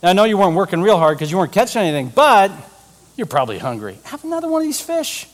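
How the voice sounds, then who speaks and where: A gentle, teasing teacher, put on by a preacher in a fairly high voice ribs his friends as he offers them food. The tone is friendly and playful, and the room adds a long reverb. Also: sing-song, very fast. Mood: teasing, kind. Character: kind, teasing adult male teacher.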